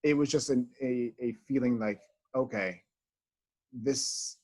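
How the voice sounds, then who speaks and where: Thoughtful guy on a video call, middle-pitched voice, lots of you knows and ums. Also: fairly even intonation, moderate pace, darkish tone. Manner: earnest, thoughtful, with many fillers. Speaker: associate house manager, guest. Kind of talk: reflective interview over video call.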